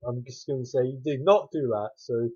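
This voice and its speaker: A man's voice: medium pitch, brisk, darkish tone, slightly rough. A man recapping a bad horror movie in a rambling, sarcastic way, with wry asides. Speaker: movie reviewer. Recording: dull lo-fi home recording.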